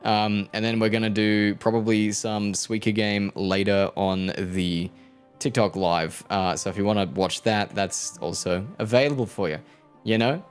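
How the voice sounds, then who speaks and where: A man's voice: on the low side, fairly even intonation, normal speed, clear, resonant tone. A man in his twenties chats loosely with viewers on a live stream. He rambles, jokes and swears as he goes, with faint music playing behind him. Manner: rambling, joking, swears freely, talks to chat. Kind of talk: casual stream chat with viewers.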